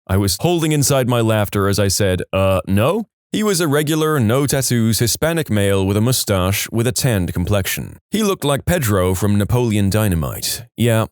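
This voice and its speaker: A man reading funny medical stories aloud in a wry, lively storytelling manner, with quoted voices. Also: on the low side, no room sound, studio quality. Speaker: narrator.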